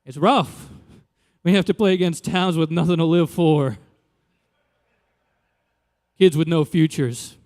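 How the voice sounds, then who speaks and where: A young adult man from Louisiana doing a stand-up comedy set in a loose, conversational way, jumping into animated quoted voices. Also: a little high, unhurried, long pauses, in a large hall. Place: live comedy venue.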